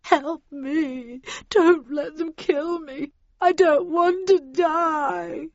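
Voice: high voice, fairly even intonation, very slow, lo-fi sound, voice pushed up, heavily acted. A woman voicing a terrified young man who whimpers and pleads for his life.

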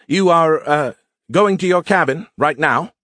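A male narrator voicing a smug, sarcastic male AI that lives in a beer can, teasing in a high, excitable voice. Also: measured pace, no echo, studio quality.

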